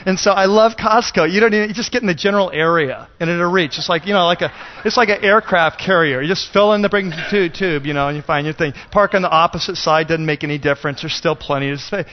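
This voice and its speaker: A man's voice: high voice, fast talker, a little hiss or hum. A male pastor telling a self-deprecating story in a rambling, conversational sermon. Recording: dull lo-fi sound.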